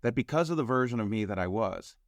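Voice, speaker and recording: A man telling a personal story as a podcast guest, acting out the voices of other people and jumping up in pitch when excited. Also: fast talker, no room sound. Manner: acts out quotes, rises sharply in pitch when excited. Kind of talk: animated storytelling.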